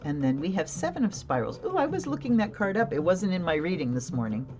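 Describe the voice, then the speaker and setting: A woman's voice: lowish voice, very animated, fast talker, over music. A woman hosting a casual live tarot reading, chatting, laughing often and answering viewer comments. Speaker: tarot reader and livestream host.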